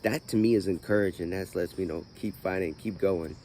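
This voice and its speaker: With a warm, low-pitched voice and a slightly fast pace, a man speaks over a little hiss or hum. He hosts his own channel, rambling through his life in a personal vlog, groggy-voiced in the morning and leaning on "you know" again and again.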